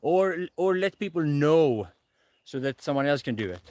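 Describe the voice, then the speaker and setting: A man's voice: fairly high pitch, lively intonation, moderate pace, darkish tone. A man live streaming from a forest, chatting with viewers in a rambling, self-correcting way, a little out of breath. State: slightly out of breath. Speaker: livestreamer. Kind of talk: casual live stream chat. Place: forest outdoors.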